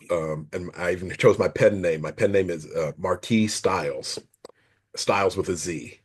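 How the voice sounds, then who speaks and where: A man's voice: sits low, normal speed, husky. A middle-aged man, an author being interviewed, telling long stories in a rambling, self-correcting way and laughing along as he goes. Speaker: author guest. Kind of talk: casual interview storytelling.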